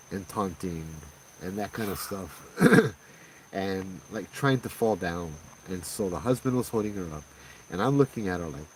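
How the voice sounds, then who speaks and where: A man with a Hawaiian accent tells a ghost story in an easy, conversational way, slipping into the voices of the people in it. His voice sits on the low side and comes from a little way off the mic. A faint hum of crickets carries behind him. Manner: conversational, animated retelling with quoted voices. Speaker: paranormal storyteller. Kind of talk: casual spoken ghost story. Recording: distant mic with faint background noise.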